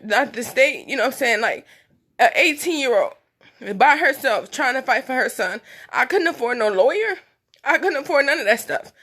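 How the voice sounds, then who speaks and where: Speaking through tears on a phone livestream, a young woman in her twenties gives an emotional personal monologue. Her voice sits high, pushed and bright, and she is blunt, emphatic and keeps repeating herself.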